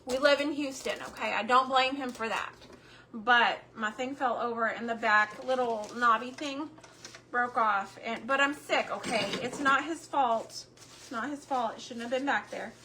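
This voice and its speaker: A chatty middle-aged woman with a drawl talks her way through a homemaking livestream. Her voice is bright and a little high, and it is slightly hoarse. A faint hiss sits under the recording. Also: normal speed. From Texas. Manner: chatty, warm Southern drawl with frequent fillers and word searches. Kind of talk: casual livestream chat.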